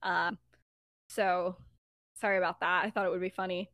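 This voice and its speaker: A woman casually voicing a teenage boy prankster who confesses a prank with hesitant, halting apologies. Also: fairly low pitch, flat delivery, a bit bright, dry recording, clean studio sound, voice pushed down, close to an everyday voice. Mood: sheepish apology. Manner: casual offhand quoting, hesitant. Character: teenage boy prankster, cheeky then sheepish.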